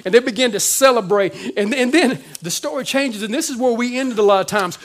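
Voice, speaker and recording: A male pastor preaching a sermon in casual slang, swinging between loud and hushed. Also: very high voice, animated, brisk, hardly any pauses.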